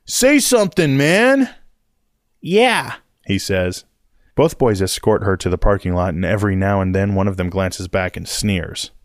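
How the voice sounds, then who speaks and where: A man narrating a novel in the first person, with a measured, wry delivery. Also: low voice, little pitch movement, a little mellow, dry recording, clean studio sound. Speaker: audiobook narrator.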